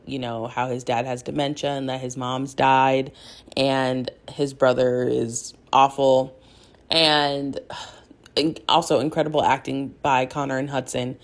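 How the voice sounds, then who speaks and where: A young woman hosting a podcast, gushing in a rambling casual chat full of "like" and laughter as she recaps a TV episode. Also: low voice. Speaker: podcast host.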